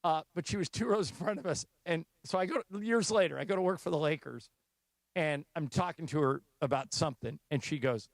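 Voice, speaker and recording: A man co-hosting a radio sports talk show, his voice sitting a little high with a gravelly rasp running through it. He tells anecdotes with relish and acts out every quoted voice. The studio sound is close and dry, with no room echo. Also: animated, brisk. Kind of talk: casual studio banter.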